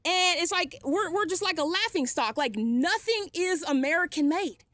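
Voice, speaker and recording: Woman, sarcastic blunt rant, dry close sound, sharp bright tone. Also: very high-pitched, animated, normal speed, no room sound. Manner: defiant, sarcastic, blunt with profanity. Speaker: vlogger. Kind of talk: ranting vlog monologue.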